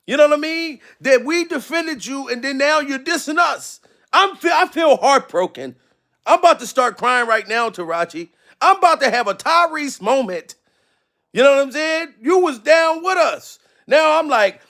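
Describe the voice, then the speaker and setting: A man hosting a comedic commentary, ranting loudly and profanely with exasperation, often shouting. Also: extremely high pitch, expressive, moderate pace, vocal fry. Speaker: commentary host.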